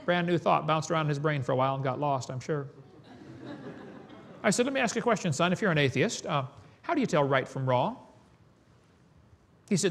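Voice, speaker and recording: A man's voice: a little high, expressive, fairly quick, creaky, long pauses. A man giving a preaching lecture to an audience in a folksy, emphatic way. He chuckles between points and often asks "okay?". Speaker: creationist speaker.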